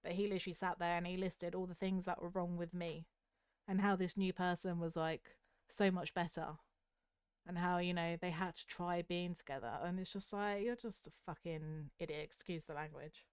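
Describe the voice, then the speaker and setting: A young woman from the south of the UK with a Southern English accent, chatting openly with her stream viewers in a soft, candid, self-critical way with hesitant restarts. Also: fairly low pitch, steady tone, moderate pace, clean tone, dry recording, clean studio sound. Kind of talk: casual chat with stream viewers.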